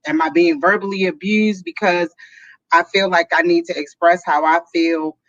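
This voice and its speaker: Steady co-host with a dull, dry sound. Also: mid-range voice, moderate pace, dry recording. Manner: steady, explanatory, many "um"s and "you know"s. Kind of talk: advice talk show.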